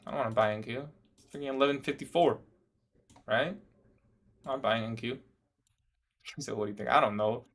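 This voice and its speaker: A man's voice: medium pitch, a little fast, pauses often, fairly bright tone. A young man day trading on a livestream, talking casually, reading out viewer questions and answering with a laid-back "bro" manner. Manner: casual, says "bro" often, laughs at odd questions.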